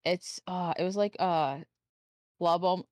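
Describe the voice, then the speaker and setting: A woman's voice: fairly low pitch, fairly even intonation, darkish tone, no room sound, studio quality. A woman co-hosting a podcast, chatting casually and chiming in to correct details. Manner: chatty, quick to correct and chime in. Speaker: podcast co-host. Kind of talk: casual chat.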